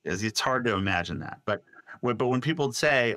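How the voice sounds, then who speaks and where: A man telling a long story as a podcast guest, animated and quoting voices, with many restarts. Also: medium pitch, brisk, no echo. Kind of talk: storytelling in a casual interview.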